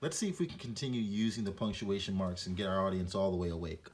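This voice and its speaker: Teacher modeling read-aloud expression. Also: male voice, sits low, lively intonation, fast, few pauses. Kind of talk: teaching a reading lesson.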